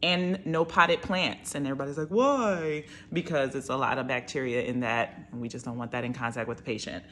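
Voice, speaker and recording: A woman's voice: a bass voice, little pitch movement, racing, a little hiss or hum. A woman and nurse talking casually and with emphasis about a study course, repeating her points. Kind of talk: casual review talk.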